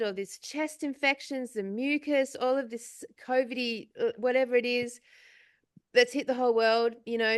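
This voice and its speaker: A woman's voice: a little high, smooth, no echo, clean studio sound. A middle-aged woman co-hosting a casual spiritual chat, rambling with many fillers and swearing freely. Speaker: podcast co-host.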